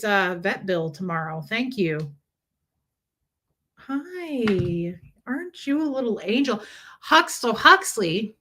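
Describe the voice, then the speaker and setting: A woman's voice: medium pitch, bright, forceful tone. A middle-aged woman hosting a casual livestream, chatting and reading out viewer messages. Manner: chatty, reads out chat messages, coos at a kitten. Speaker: livestream host.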